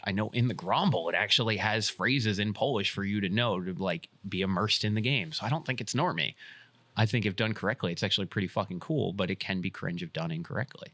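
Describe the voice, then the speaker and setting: A man co-hosting a casual podcast, talking bluntly and swearing freely as he thinks out loud. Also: low voice, no room sound. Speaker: podcast co-host.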